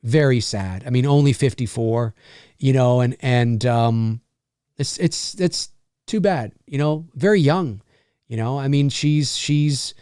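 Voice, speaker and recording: A man hosting a live question-and-answer stream as a voice actor, talking in a rambling, animated way and swearing freely. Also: mid-range voice, slow, smooth, no echo, studio quality. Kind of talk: casual live-stream chat.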